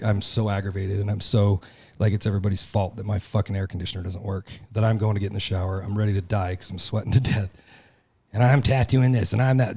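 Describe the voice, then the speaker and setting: Deep-voiced man ranting with blunt profanity. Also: mellow, husky, no echo. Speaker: podcast host and tattoo shop owner. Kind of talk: candid monologue.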